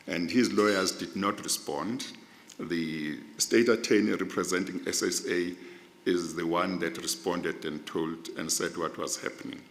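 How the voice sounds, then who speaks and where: A man in his sixties, a judge being interviewed, explaining in a formal, deliberate way and restating his points. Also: low voice, steady tone, a bit bright, a little hiss or hum. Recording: long reverb in a large hall.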